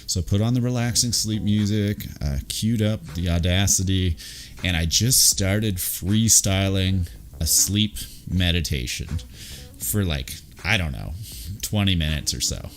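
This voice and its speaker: A man telling a personal story in casual chat on a live stream, animated and swinging his voice around as he quotes people. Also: deep voice, measured pace. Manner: laughs through the funny parts, fillers and restarts. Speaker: guest on a live stream talk show.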